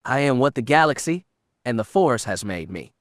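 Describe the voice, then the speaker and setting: A man's voice: mid-range voice, very animated, normal speed, no echo, clean studio sound, lightly acted. A man voicing a haughty, bitter young female Sith apprentice with a refined, clipped manner in an audiobook reading.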